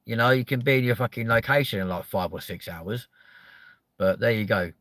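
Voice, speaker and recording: A man's voice: lowish voice, fairly quick, no echo. A man hosting a comedic chat show, ranting and swearing constantly as he reacts to viewer comments. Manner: loud exasperated outbursts. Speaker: host.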